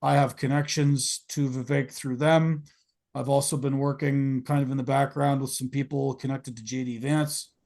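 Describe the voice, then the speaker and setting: Gravelly man rambling through a podcast chat. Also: medium pitch, a little mellow. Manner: rambling, frequent fillers and restarts. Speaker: podcast host.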